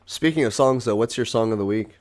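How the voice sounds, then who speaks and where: Male co-host with a lower voice, playful and profane, quick to riff on his partner. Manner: joking, echoes the other's lines, swears freely. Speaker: podcast co-host. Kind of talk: casual chat.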